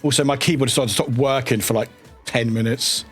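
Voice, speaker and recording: A man chatting casually on a live stream, excitable and often laughing and swearing. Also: medium pitch, fairly quick, husky, faint music behind.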